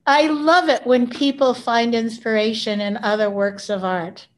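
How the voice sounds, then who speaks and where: A woman's voice: fairly high pitch, steady tone, a little slow. A woman hosting a virtual open mic over a video call, encouraging and enthusiastic.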